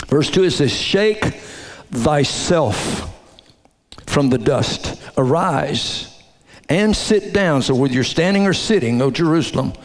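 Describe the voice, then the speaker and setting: A pastor delivers a sermon, reading scripture and explaining it verse by verse. His voice sits a little higher than most men's and swells with emphasis as he drives points home. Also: lively intonation, a little slow. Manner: expository teaching with rising emphatic passages.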